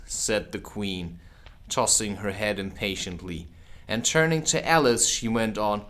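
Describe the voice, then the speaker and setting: A man reading a children's classic aloud as an audiobook, with casual asides. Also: fairly low pitch. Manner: unhurried, expressive, drops in casual asides. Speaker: audiobook reader. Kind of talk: audiobook narration.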